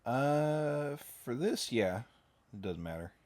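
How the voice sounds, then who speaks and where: A man's voice: mid-range voice, animated, slow, darkish tone. A young man playing a tabletop game over voice chat, talking hesitantly with many fillers. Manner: hesitant, full of filler words. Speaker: player.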